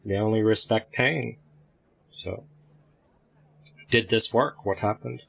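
A man hosting a discussion group, giving slow, wry commentary between excerpts. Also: lowish voice, gravelly, fairly bright tone, breathy edge.

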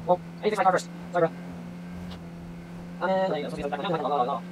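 A man commentating over his gameplay as a taxi driver, swearing constantly and swinging between furious yelling and low muttering. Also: measured pace, noisy background. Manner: profane, swings from rage-filled yelling to muttering. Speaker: gamer playing a taxi driver. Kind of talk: let's-play commentary.

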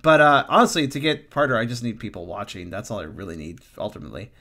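A man's voice: on the low side, sing-song, fast talker, bright, forceful tone. A man streaming a game, chatting casually, joking and swearing freely, often trailing off into mumbles. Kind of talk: casual let's-play chat.

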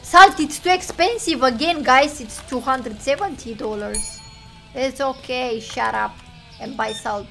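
High-pitched excitable woman gamer. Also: measured pace, vocal fry, soft background music. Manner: excitable, talks to chat, exclaims loudly and mutters numbers. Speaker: game streamer. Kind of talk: casual gameplay commentary.

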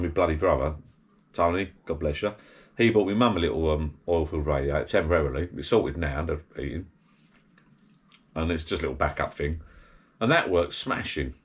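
A middle-aged vlogger with a low, slightly rough voice talks to camera from his small garden shed bar. He's a little tipsy, rambling and chatty, and keeps interrupting himself in this casual chat.

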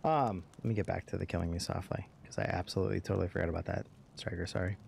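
A man's voice: deep voice, fairly even intonation, rapid-fire, creaky, darkish tone, slight background noise. A man casually commenting on his game stream, swearing freely and rambling between jokes. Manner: profane, rambling, jokey; puts on character voices. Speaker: let's play streamer.

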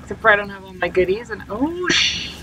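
A woman's voice: medium pitch, big pitch swings, a little fast, noisy background. A woman streaming a game live and chatting to her viewers, self-mocking and full of exclamations. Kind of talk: live gameplay commentary.

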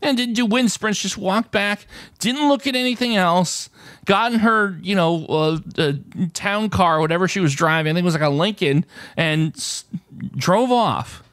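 A man's voice: high-pitched, moderate pace, fairly bright tone, smooth, no room sound. A middle-aged man hosting a video about collecting retro games, telling stories in a chatty, casual way with fillers and restarts. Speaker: retro game collecting host. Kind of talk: casual storytelling to camera.

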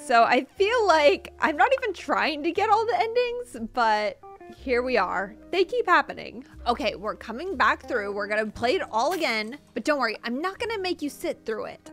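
A young woman talks through a video game in a chatty, giggly way. Her voice is high and very lively, leaping up at surprises. She reacts loudly and laughs often. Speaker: gaming video host. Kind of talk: gameplay commentary.

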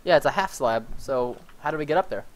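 A man's voice: mid-range voice, expressive, fast. A young man hosting a casual let's-play, goofy and giggly, breaking into silly sing-song bits. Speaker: gaming channel host.

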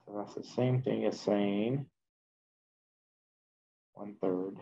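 A man teaching a chemistry class, working through math slowly out loud and correcting himself as he goes. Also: on the low side, fairly even intonation, vocal fry, muffled recording, a little hiss or hum. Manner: slow, thinking aloud while working math at the board, self-correcting. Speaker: chemistry instructor. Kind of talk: classroom lecture.

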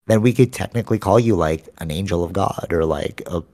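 A man's voice: sits low, fairly quick, warm tone, no room sound, studio quality. A sleep-deprived young man co-hosting a podcast, rambling in casual slang and calling his friend bro. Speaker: podcast co-host. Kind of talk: casual chat. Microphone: studio microphone.

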